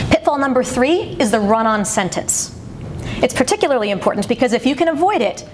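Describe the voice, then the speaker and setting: A woman coaches her listeners in a clear, demonstrative way, her voice sitting fairly high. A steady noise runs under the recording. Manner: clear, demonstrative teaching delivery. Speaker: communication coach. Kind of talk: instructional talk.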